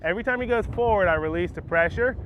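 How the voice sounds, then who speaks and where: A man with a slightly high voice works a horse through a gate outdoors, talking calmly and praising it constantly. He explains each step of the training as he goes. The recording sounds a little dull and lo-fi, with faint outdoor noise behind him. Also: fast talker. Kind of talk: hands-on training demonstration.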